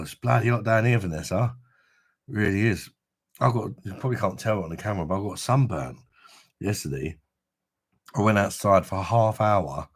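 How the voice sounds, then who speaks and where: Man, deep low voice, casual live-stream chat, rambling, sweary, coughing with a chest infection. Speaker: livestream host.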